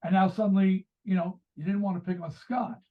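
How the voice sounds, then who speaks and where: A man's voice: sits high, steady tone, brisk. A man in his sixties from the United States, a guest author and musician, telling rambling stories and acting out quoted dialogue. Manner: rambling storyteller who acts out quoted dialogue. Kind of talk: casual interview conversation. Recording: tinny phone-like remote line.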